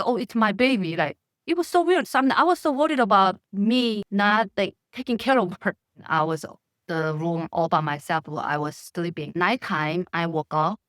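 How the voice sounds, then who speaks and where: A young woman from North Korea with a Korean accent, telling a personal story in halting, candid English that often breaks into laughter. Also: mid-range voice, fairly bright tone. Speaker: vlogger. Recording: roomy echo, mic at a distance.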